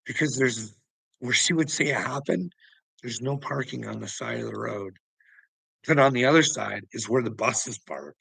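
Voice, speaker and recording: A man with vocal fry and a medium-pitched, fairly bright, slightly rough voice talks at a moderate pace, recorded poorly with no room sound. In his vlog he angrily recounts a police run-in, cursing heavily and clearly worked up.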